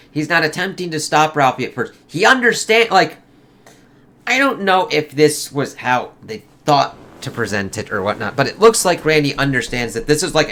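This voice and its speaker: A man's voice: medium pitch, sharp tone. A man giving a casual, rambling movie review, swearing freely and acting out quotes in a raised voice.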